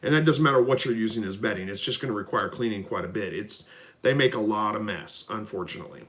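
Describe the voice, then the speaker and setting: A middle-aged man hosting a casual live stream, reading out viewer comments and answering in a relaxed, folksy way. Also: lowish voice, quick pace, slight background noise. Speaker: livestream host answering viewer questions. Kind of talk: casual live Q&A about raising rabbits and quail.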